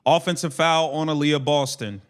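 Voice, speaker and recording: High-pitched brash streaming commentator. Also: male voice, clean tone. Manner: brash, swearing, mocking and laughing at players; rapid clipped play calls. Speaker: livestream play-by-play host. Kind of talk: casual play-by-play commentary.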